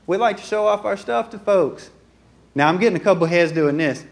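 A pastor with a high, brisk, creaky voice delivers a folksy, joking sermon in church in a conversational style. He acts out everyday dialogue as he goes. It sounds like he's using a handheld or stand mic.

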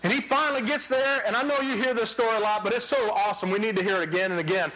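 A man preaching a sermon in an animated, joking storytelling manner. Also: sits high, rapid-fire.

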